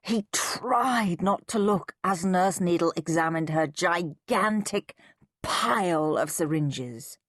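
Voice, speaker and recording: A woman narrating a children's storybook in an expressive, drawn-out storytelling manner. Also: lowish voice, dry recording, clean studio sound. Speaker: audiobook narrator.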